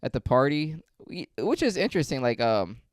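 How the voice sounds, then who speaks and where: A man hosting a podcast, telling stories in a rambling, profane, deadpan way on a close mic. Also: mid-range voice, normal speed, dry recording. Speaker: podcast host. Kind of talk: casual storytelling.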